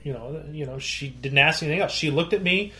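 Male podcast co-host, thirties, a bit high-pitched, animated and foul-mouthed, plays every quote out loud. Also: fairly quick. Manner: animated, profane, acts out quotes loudly. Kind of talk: casual storytelling chat.

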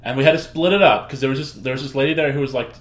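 Fast-talking lively man in an echoey room. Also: mid-range voice. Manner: fast, eager, interjects, acts out quotes. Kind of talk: casual storytelling chat.

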